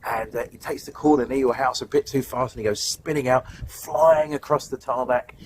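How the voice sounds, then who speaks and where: A middle-aged man delivers a sermon outdoors on a windy day. He talks in a conversational, animated storytelling manner at a mid pitch, with a faint hiss of wind and open ambience behind him. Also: normal speed, poor audio. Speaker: guest preacher.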